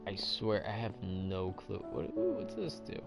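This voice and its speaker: Gravelly low-voiced man thinking aloud. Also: huge pitch swings, a little slow, over loud music. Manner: rambling, thinks aloud, self-questioning. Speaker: let's play host. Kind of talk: casual gameplay commentary.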